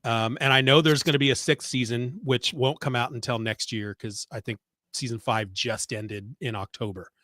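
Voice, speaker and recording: A man's voice: medium pitch, moderate pace, no room sound. A middle-aged man in casual podcast chat, rambling and swearing as he tells a story with gusto. He sounds a little stuffed up. His voice is dry and close, with no room around it. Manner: rambling, profane, animated retelling. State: congested. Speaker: podcast co-host. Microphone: remote call mic.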